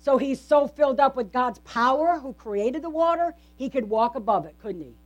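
A woman's voice: sits high, expressive, moderate pace, dull audio. Woman preaching with rhetorical questions. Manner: conversational, asks the congregation frequent rhetorical questions. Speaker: pastor. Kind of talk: sermon. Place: church.

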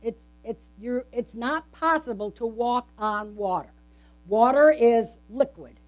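Speaking slowly in a voice on the high side, a woman pastor delivers a conversational sermon in church, often asking the congregation rhetorical questions. The recording has its highs cut off.

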